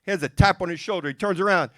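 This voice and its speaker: A man doing stand-up comedy, rattling off one joke after another and dipping into quick character voices. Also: sits high, bright, forceful tone, dry recording, studio quality. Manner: rapid-fire joke delivery with character voices. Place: music and arts center stage.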